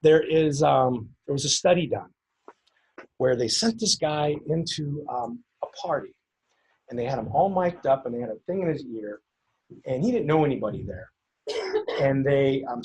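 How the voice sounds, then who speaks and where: A man's voice: on the high side, darkish tone, a little hiss or hum, low-quality recording. Guy giving a seminar talk to a room of agents, chatty, tells little stories, restarts a lot. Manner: conversational, storytelling, frequent restarts. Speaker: conference speaker. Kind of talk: live seminar talk with anecdotes. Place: conference room before an audience.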